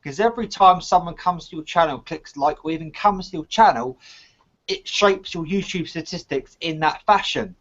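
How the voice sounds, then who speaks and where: A man co-hosting a casual live chat, patiently explaining a point by retelling a fable with lively emphasis. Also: on the high side, moderate pace. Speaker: co-host of a live online chat. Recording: dull lo-fi stream audio.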